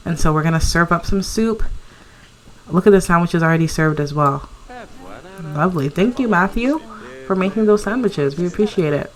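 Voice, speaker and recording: A woman's voice: lowish voice, moderate pace. A young woman narrating her life-sim gameplay in a chatty, giggly way, cheering on her character. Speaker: let's play narrator. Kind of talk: casual gameplay commentary.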